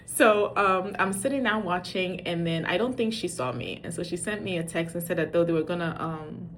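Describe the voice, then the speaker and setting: A middle-aged woman telling a funny parenting story in a casual, animated way. She acts out the dialogue and pokes fun at herself. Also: on the low side, brisk, hardly any pauses, slight background noise. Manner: animated, acts out quoted dialogue, self-mocking. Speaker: parent sharing dating advice.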